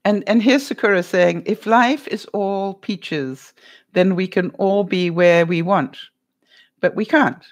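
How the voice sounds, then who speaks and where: A middle-aged woman hosting a live stream, chatting casually with viewers in a rambling way, with frequent laughs and many fillers. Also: medium pitch. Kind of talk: casual chat reading viewer comments.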